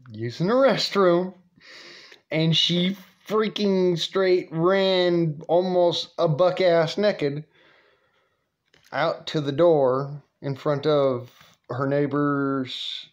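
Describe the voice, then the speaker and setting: A man's voice: fairly high pitch, dull audio. A man telling a family story in a casual vlog, rambling, swearing freely and laughing often.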